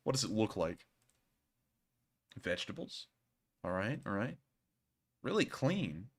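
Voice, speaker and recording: A man's voice: lowish voice, sing-song, measured pace, slightly rough. A man hosting a casual live stream, chatting and rambling with frequent laughs. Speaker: streamer host.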